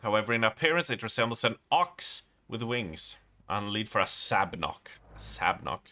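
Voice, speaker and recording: A man's voice: on the low side, very animated, moderate pace, sharp tone. A man streaming a game live, chatting with his viewers and reading the game's letters and notes aloud.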